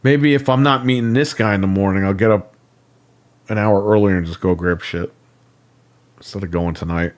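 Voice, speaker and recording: Speaking into a studio microphone, this podcast co-host helps run a casual gaming livestream, talking bluntly with casual swearing. His voice is lowish, his pace moderate, and he pauses often.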